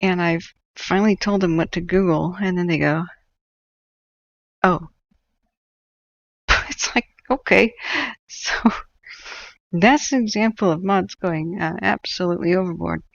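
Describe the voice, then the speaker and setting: Speaking at a measured pace with frequent pauses, a northern California woman hosts a livestream and chats casually while tracking wildfires. Her voice is on the low side with vocal fry, and the dull audio has no room sound. She rambles through stories and laughs often.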